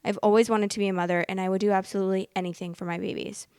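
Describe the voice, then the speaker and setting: A young adult woman hosting a story show, reading stories aloud and breaking off into expressive, exasperated asides. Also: mid-range voice, racing, smooth, dry recording, clean studio sound. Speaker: host.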